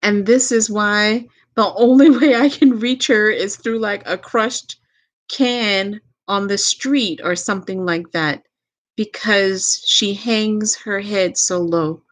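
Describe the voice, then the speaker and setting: A woman with a Southern US accent speaks as a medium doing a live tarot reading. She talks very slowly and gently, often repeating a phrase, with soft laughs along the way. Her voice sits at an ordinary middle pitch.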